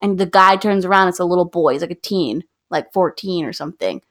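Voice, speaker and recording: A woman's voice: on the low side, a little fast. A woman chatting casually with friends, retelling a film's plot and acting out the characters' lines. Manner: animated storyteller, acts out characters' lines.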